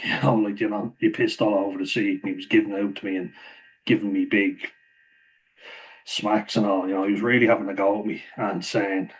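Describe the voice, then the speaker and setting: A man's voice: lowish voice, little pitch movement, fairly quick, rough recording. A man telling a rambling story to camera, swearing freely and laughing often mid-sentence. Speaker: vlogger.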